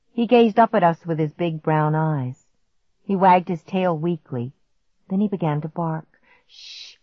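A woman's voice: low voice, no room sound. A woman narrating a first-person suspense story in a dramatic reading style, in dry, slightly dull lo-fi audio.

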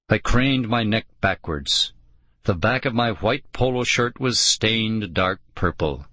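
A man giving a scripted narration of a children's audiobook, expressive and doing voices for each character. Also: sits low, measured pace, no room sound.

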